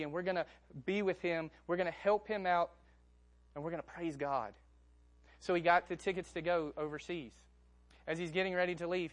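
A young man preaching a sermon, telling a story and moving between hushed lines and emphatic ones. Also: on the high side.

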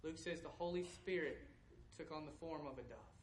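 A man preaching a sermon, shifting between loud proclamation and soft, hushed passages. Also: a little high, moderate pace, slight background noise. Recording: echoey room with faint background ambience.

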